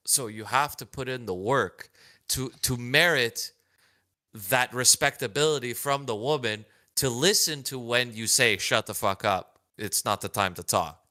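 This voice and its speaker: A man co-hosting a casual chat, earnest and emphatic in his views. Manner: earnest, emphatic, pitch jumps when excited. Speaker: podcast co-host.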